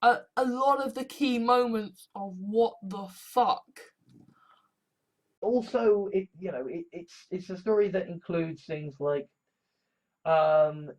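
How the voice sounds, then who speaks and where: A woman from England talking in a rambling, profane monologue full of restarts and swearing. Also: mid-range voice. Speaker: vlogger.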